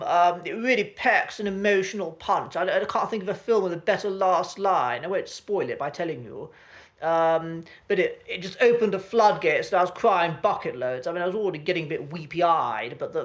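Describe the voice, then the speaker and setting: A British man with a posh English accent talks through a casual lesson in a thoughtful, unhurried way. He pauses often with ums and uhs and restarts his sentences as he gathers his thoughts. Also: high-pitched, fairly bright tone. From Britain. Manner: thoughtful, many fillers and restarts. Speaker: accent coach.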